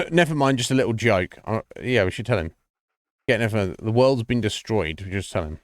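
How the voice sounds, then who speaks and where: A man's voice: fairly low pitch, sing-song, fairly quick, dry recording, studio quality. A man streaming a video game, joking casually and reacting to the dialogue. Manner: joking, laid-back, reacts with laughs.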